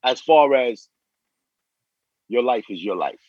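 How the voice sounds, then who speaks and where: Brief: forties male guest, husky and dry, cursing street-slang storyteller, lo-fi dull recording. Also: medium pitch, animated, takes it slowly, no echo. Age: 40s. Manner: profane street slang, repeats and restarts phrases. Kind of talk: casual interview storytelling.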